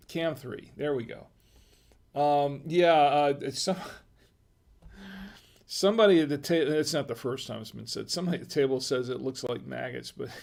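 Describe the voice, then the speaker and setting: A man hosting a live-stream wine tasting, chatting casually in a rambling, halting way with self-deprecating humor. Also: mid-range voice, vocal fry, darkish tone.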